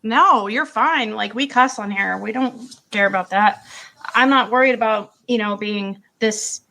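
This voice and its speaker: A woman hosting a livestream, quickly handing the floor to callers and smoothing things over. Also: on the high side, pushed and bright. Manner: quick, apologetic, steering the talk. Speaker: livestream host. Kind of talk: moderating a livestream.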